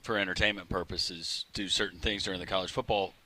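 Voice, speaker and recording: A man co-hosting a sports radio show, cutting in with quick, joking remarks. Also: deep voice, steady tone, sharp tone. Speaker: radio co-host. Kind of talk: radio interview banter.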